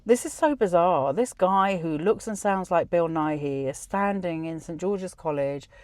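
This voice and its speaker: A woman's voice: fairly low pitch, a little slow, darkish tone, dry recording. Chatty woman telling a story. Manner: chatty, many restarts and quoted dialogue. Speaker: podcast host. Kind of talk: personal storytelling.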